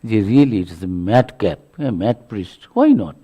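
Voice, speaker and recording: A man's voice: lowish voice, animated, moderate pace, husky, highs cut off. A man acting out an indignant young man who scolds his teacher with heated, reproachful questions.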